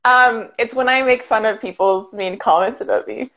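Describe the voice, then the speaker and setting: A woman's voice: fairly high pitch, fairly bright tone. A woman from Ottawa, a YouTuber guest, chatting casually with lots of "like" and fillers over a video call. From Canada, Ottawa. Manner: chatty, fast, filler-heavy with frequent "like". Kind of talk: casual chat. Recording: dull lo-fi sound.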